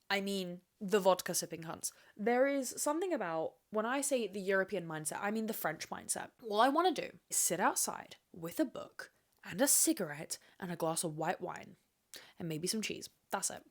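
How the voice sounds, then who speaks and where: A woman's voice: medium pitch, very animated, normal speed. A young woman hosts a solo podcast in a loose, rambling way. She swears freely, quizzes herself and answers back, and talks in a mid-range voice. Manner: candid, profane, rambling, self-questioning. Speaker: podcast host. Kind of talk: casual solo podcast chat.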